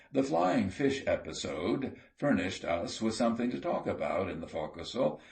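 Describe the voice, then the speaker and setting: A man reading an audiobook sea story aloud in a steady, measured storytelling manner. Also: on the low side. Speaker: audiobook reader. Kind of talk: scripted narration.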